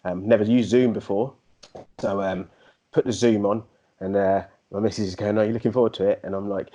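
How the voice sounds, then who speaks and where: A man, co-hosting a podcast and telling animated, slangy stories in casual chat. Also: on the low side, brisk. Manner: animated storyteller, slangy, slips into put-on MC voices. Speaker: podcast co-host.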